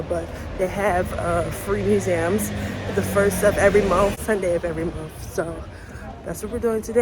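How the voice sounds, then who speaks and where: A woman's voice: medium pitch, noisy background. A young woman from the United States chatting casually into her phone while walking and shopping outdoors, rambling with lots of fillers. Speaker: vlogger. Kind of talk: casual travel vlog. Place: outdoors on city streets and markets. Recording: music playing underneath.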